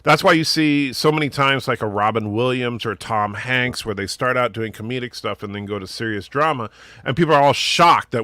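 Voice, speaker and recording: A man hosting a casual podcast chat, excitable and rambling, restarting his sentences. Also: medium pitch, brisk, no room sound. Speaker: podcast host.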